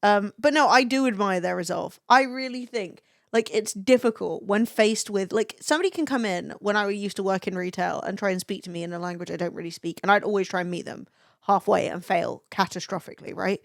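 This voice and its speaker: Brief: young woman streamer, foul-mouthed, chatty, quick laughter, dry close sound. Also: medium pitch, creaky, no echo. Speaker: livestreamer. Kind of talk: casual stream chat, reading chat aloud.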